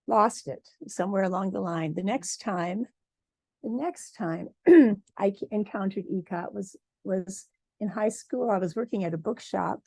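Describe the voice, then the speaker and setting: A woman from Michigan, a textile artist, giving a lively personal talk at a symposium and acting out quoted dialogue. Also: medium pitch, no echo. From Michigan, USA. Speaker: guest speaker, textile artist.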